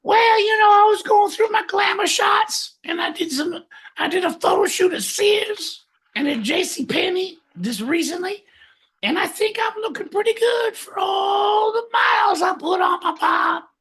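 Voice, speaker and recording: A performer voicing a brash, boastful male guest on a comedy podcast, shouting and hyped. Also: very high-pitched, unhurried.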